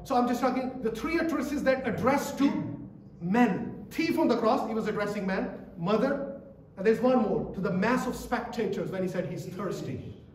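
Male preacher, high pitched, emphatic, repetitive; distant mic in an echoey church with faint noise. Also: lively intonation, normal speed. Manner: emphatic and repetitive, quizzing the congregation. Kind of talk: sermon.

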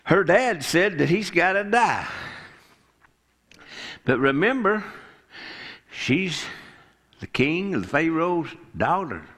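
Slow, animated preacher. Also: male voice, a little high. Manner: folksy, storytelling preacher who acts out the characters' lines. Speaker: pastor. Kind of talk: sermon. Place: church sanctuary.

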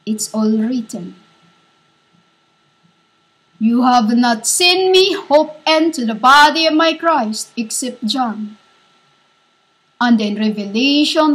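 Slow, high-voiced woman preaching fervently. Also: a bit bright, husky. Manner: halting, repetitive, speaks as a divine voice. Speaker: self-styled prophet. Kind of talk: fervent prophetic declaration.

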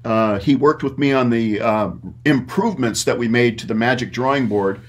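Middle-aged guy rambling through stories, lots of ums, normal pitch. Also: normal speed. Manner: rambling with many fillers. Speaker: guest, puppet maker. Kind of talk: casual interview talk.

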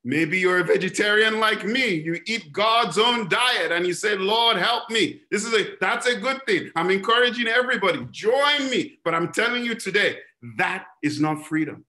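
High, bright-voiced male preacher. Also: animated, moderate pace, few pauses. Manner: emphatic, repeats phrases and asks rhetorical questions. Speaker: pastor. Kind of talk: sermon.

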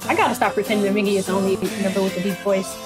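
A woman hosting a casual album reaction video, chatty and excitable, laughing often. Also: mid-range voice, very fast, music in the background.

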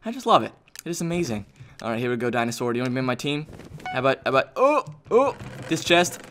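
A young man narrating a video game as he plays, excitable and jokey, often shouting. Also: medium pitch, rapid-fire, slight background noise. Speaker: gaming YouTuber.

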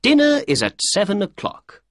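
A man voicing a brilliant, confident male detective, speaking lively and emphatically in a raised voice for a storybook reading. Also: moderate pace, dry recording, studio quality. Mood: brisk. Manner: lively and emphatic, higher and louder than the narration.

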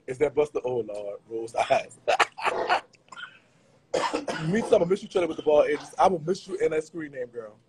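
A man's voice: a little high, expressive, normal speed, long pauses, noisy background. A man chatting casually with viewers on a live stream, slangy and laughing often. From Louisiana.

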